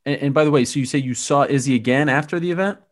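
A man asking short, probing questions at a quick clip, steering an interview and keeping the story going. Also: mid-range voice.

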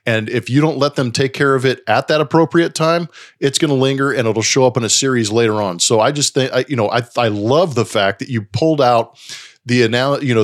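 A man co-hosting a casual sports talk show, arguing his views with rhetorical questions. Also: mid-range voice. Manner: animated, opinionated, speaks in rhetorical questions.

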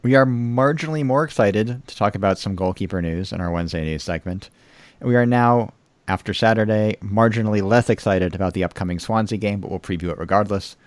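A man's voice: fairly low pitch, a little fast, no room sound. An American man hosting a casual podcast, with a dry, wry delivery. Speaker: podcast host.

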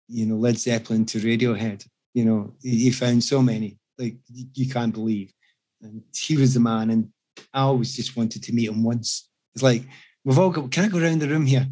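A Scottish man in casual chat, telling animated, self-mocking anecdotes to the room. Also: medium pitch. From Scotland.

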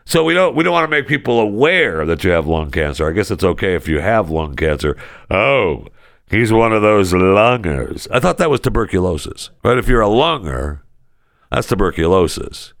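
Gravelly sarcastic podcast host, man. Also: deep voice, big pitch swings, a little fast, fairly bright tone, no echo, studio quality. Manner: sarcastic, exasperated, swings into mock voices. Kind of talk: casual comedic talk-show rant.

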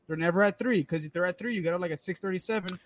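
A man's voice: high voice, racing, slight background noise. A man from Texas, a podcast co-host swearing freely as he tells a story. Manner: profane, animated storyteller. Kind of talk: casual storytelling chat.

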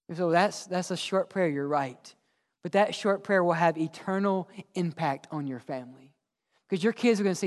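A man preaching a sermon in a church, asking the congregation questions and answering them, sometimes dropping to a hushed low voice for emphasis. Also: measured pace. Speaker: pastor. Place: church sanctuary. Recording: long hall reverb.

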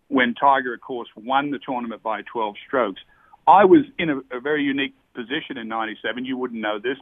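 A man's voice: medium pitch, dry recording. A middle-aged man tells his stories with lots of energy and plenty of swearing, throwing in "mate" as he goes. He comes through a narrow, phone-like line with no room sound at all. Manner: animated, profane storyteller who calls people mate. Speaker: podcast guest, former tour golfer. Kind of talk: casual storytelling chat.

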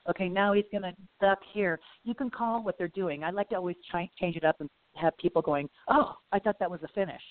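A woman's voice: lowish voice, brisk, hardly any pauses, dry recording. A middle-aged woman, a guest in a casual interview, telling long rambling stories full of "you know" and acted-out quotes. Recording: phone-like audio.

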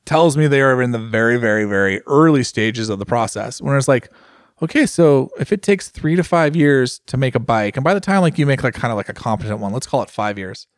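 A young man co-hosting a chatty podcast, rambling and animated, with "like" scattered all through his talk. His voice sits at an ordinary mid pitch and sounds close and completely dry. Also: a little fast, dry recording. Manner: animated, rambling, heavy use of "like". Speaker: podcast co-host. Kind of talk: casual chat.

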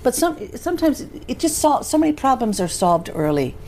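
A woman guest telling personal stories in a relaxed interview, animated and acting out the voices of the people she quotes. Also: high-pitched, a little fast. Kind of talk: conversational storytelling. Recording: faint background noise.

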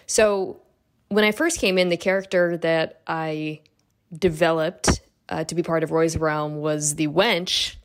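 A woman's voice: deep voice, fairly even intonation, a little slow. A woman and radio show regular giving a chatty, self-deprecating tribute. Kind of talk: casual heartfelt tribute.

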